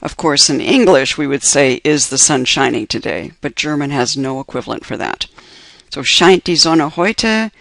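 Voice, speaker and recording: A man's voice: medium pitch, animated, normal speed, gravelly, fairly bright tone, no echo. A man teaching an introductory German class over slides, patiently explaining each point step by step and repeating the examples.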